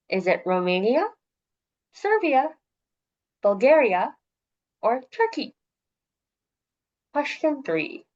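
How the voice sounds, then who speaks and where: A woman's voice: fairly high pitch, darkish tone, lo-fi sound. A woman hosting a trivia night, reading each multiple-choice question and its options twice, with light jokes. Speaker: trivia quiz host.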